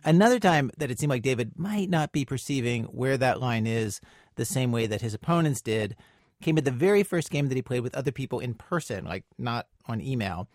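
A man's voice: medium pitch, expressive, a little fast, no room sound, clean studio sound. A man hosting a radio program, narrating a story in a wry, conversational way and questioning his guest. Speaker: radio show host.

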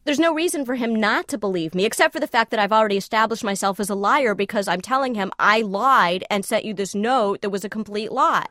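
A woman telling a personal story in conversation, animated and self-questioning, acting out the dialogue she quotes. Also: medium pitch, fairly quick, hardly any pauses, no room sound, studio quality. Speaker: storyteller guest.

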